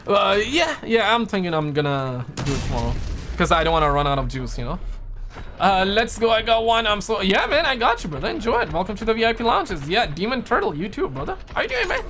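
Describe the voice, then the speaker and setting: Hosting a laid-back livestream, this young Quebec man talks fast in a high voice over a faint hiss or hum. He chats loosely and in a relaxed way, reading aloud the messages viewers send in.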